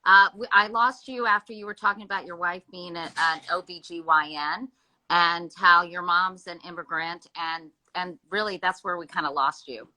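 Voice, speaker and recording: A woman hosting a casual live-streamed interview, chatty and quick to apologize for interrupting. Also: lowish voice, steady tone, pushed and bright, low-quality recording. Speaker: host. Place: home room with Christmas tree.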